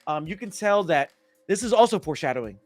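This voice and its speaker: An excitable man talks through a movie in casual podcast chat, acting out the scenes. His voice sits a bit high and is recorded close and dry. Faint music plays underneath. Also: fast talker, no echo. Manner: animated, excitable, acts out scenes. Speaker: podcast host.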